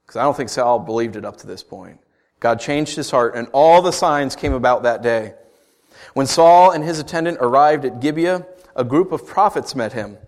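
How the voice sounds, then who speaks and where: A man preaching a sermon, conversational and animated, with playful asides to the congregation. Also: mid-range voice, moderate pace. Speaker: pastor.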